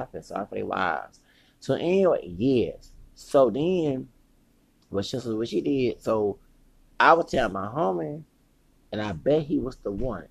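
A man with a gravelly voice holds forth in a meandering, profane monologue. His pitch swings widely as he acts out the lines of the people in his story. The sound is close and dry. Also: no echo. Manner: profane, meandering, animated retelling with quoted dialogue. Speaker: podcast host.

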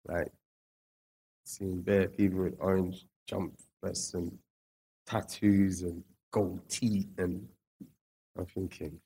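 A man from England, a guest speaking casually and reflectively about his past, slangy and lively when retelling stories. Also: sits low, slow, pauses often, breathy edge. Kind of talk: casual storytelling interview.

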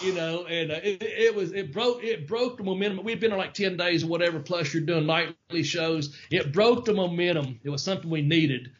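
A man's voice: high voice, brisk, hardly any pauses, a little hiss or hum. A man hosting a podcast and telling a rambling, profane story with frequent laughs. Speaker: podcast host. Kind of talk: casual storytelling. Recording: lo-fi, dull audio.

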